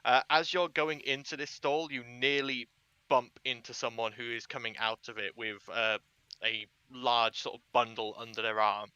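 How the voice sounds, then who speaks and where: A man's voice: medium pitch, fairly even intonation, normal speed, bright, forceful tone, smooth, no room sound, dull audio. A man narrating as game master of a tabletop game, descriptive and chatty. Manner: descriptive, uses fillers.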